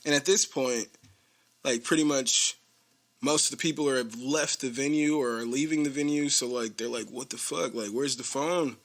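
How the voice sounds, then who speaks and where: A man's voice: medium pitch, normal speed. Casual man rambling through a TV recap. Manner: rambling, acts out quoted lines, laughs often. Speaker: podcast host.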